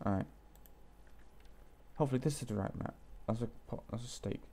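A man's voice: mid-range voice, normal speed, dark tone, slight background noise. A young man from Wales, talking himself through a video game, muttering and swearing casually. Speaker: gaming channel host. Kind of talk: let's play commentary.

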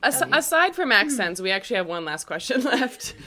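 A Canadian woman co-hosting a casual panel chat, upbeat and quick to laugh. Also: a little high, sing-song, a loud crowd. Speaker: podcast co-host.

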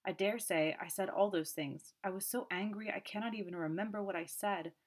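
Brief: haughty quick-tempered young man, sullen under questioning, read by a woman narrator. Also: high-pitched, steady tone. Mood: furious. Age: young adult.

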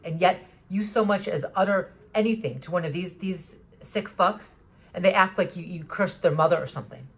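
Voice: mid-range voice, moderate pace, a bit bright. Agitated rambling vlogger, swearing often. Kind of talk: monologue recounting an encounter.

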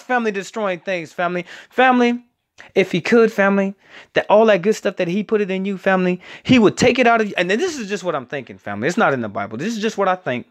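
A high-voiced man preaches casually to an online audience, calling everyone "family" after nearly every phrase. He's rambling and emphatic with lively intonation, slowly dragging out key words for emphasis.

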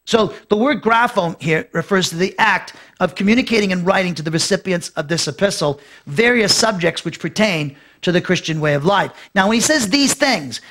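A man's voice: high voice, expressive, normal speed, fairly bright tone. A man teaching a Bible lesson as a pastor, rambling with many fillers and restarts, then growing emphatic in bursts.

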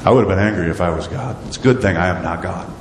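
A man preaching a sermon as pastor, animated and asking his congregation rhetorical questions. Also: low voice, quick pace, noisy background. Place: church sanctuary. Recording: echoey church hall with long reverb.

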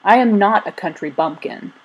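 A woman reading a calm, steady country boy. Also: mid-range voice, normal speed, breathy edge, lo-fi sound, pitched above the performer's own voice. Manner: quiet, steady.

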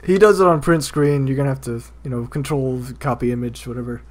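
A man's voice: medium pitch, fairly even intonation, brisk. A man hosting a casual gaming podcast, laughing often and bursting into exclamations. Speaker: podcast host.

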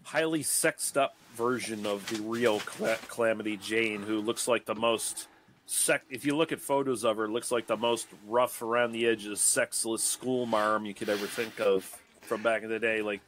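A man's voice: lowish voice, moderate pace, fairly bright tone, slight background noise. A man co-hosting a podcast, explaining film history in a casual, hedging way. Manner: hedging, explanatory, many fillers like "like" and "you know". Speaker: podcast co-host. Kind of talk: casual movie-discussion chat.

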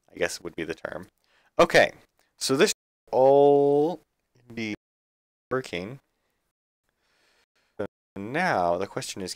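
A man's voice: low voice, a bit bright, no room sound, studio quality. A man streaming a building game live, thinking aloud in a chatty, self-correcting way. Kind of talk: live gameplay commentary.

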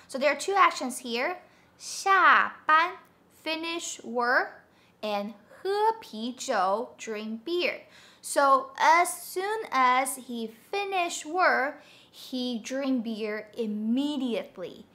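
Woman, language teacher, upbeat, patient explanations, high pitch. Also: animated, bright, forceful tone. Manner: upbeat, explains slowly with examples. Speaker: Mandarin teacher. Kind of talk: online language lesson.

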